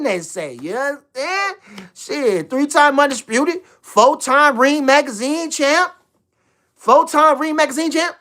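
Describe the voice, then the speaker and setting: A man's voice: very high voice, lively intonation, measured pace, pushed and bright. A man hosting a casual livestream, hyped and repeating himself, swearing freely. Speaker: livestream host talking boxing.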